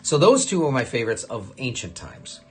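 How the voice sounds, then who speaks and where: A man's voice: mid-range voice, big pitch swings, brisk, slight background noise. Chatty man hosting an art livestream. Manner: chatty, enthusiastic, breaks into loud exclamations. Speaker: fantasy artist hosting a livestream. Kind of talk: casual livestream chat while signing cards.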